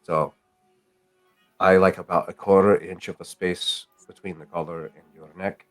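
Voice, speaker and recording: A man's voice: low-pitched, fairly even intonation, normal speed, faint music behind. A man narrating as game master, casual and rambling, calling players mate.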